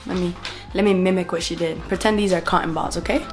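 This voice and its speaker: A woman's voice: fairly low pitch, fast, over music. A young woman vlogging a casual story time, retelling events expressively and acting out what others said. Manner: expressive storytelling that acts out other people's lines.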